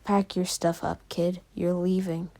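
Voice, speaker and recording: A woman voicing a tired, gruff male teacher in a fan story, flat, quiet and unimpressed. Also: fairly low pitch, a little slow. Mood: stern.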